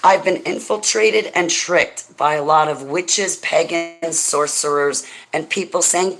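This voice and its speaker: A woman's voice: on the low side, slow, sharp tone, rough recording. A woman hosting a religious talk show in an impassioned, emphatic way. Her delivery is emotional, and she often speaks straight to one listener. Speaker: radio show host.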